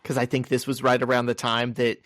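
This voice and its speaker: A man's voice: medium pitch, completely flat delivery, fairly quick, fairly bright tone, no echo, clean studio sound. A man co-hosting a podcast, chatting casually and enthusiastically, with lots of "like" fillers. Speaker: podcast co-host.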